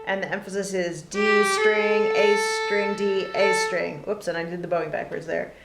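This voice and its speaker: A woman teaching a casual fiddle lesson, relaxed and chatty with many pauses and fillers between playing. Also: mid-range voice, vocal fry, over loud music. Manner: relaxed, lots of ums, talks between demonstrations. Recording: roomy with loud fiddle playing.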